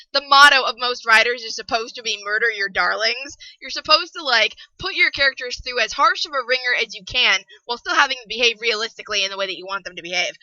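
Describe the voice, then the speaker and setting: A young woman reviewing a book on a podcast, ranting in an exasperated, animated way and swearing freely. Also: fairly high pitch, dry recording, lo-fi sound.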